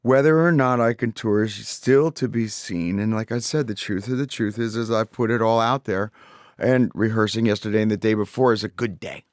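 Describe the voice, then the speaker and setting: A man's voice: fairly low pitch, moderate pace, dry recording. A man, a guest talking candidly in a studio interview, swearing freely and repeating words while he searches for them. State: recovering voice after vocal surgery. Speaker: interview guest, rock singer.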